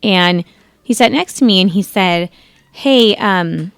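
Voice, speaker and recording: A woman's voice: mid-range voice, moderate pace, clean tone, no echo. A woman in her thirties hosting a talk radio show, telling stories in a chatty, rambling way with frequent self-corrections. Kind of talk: casual storytelling on talk radio.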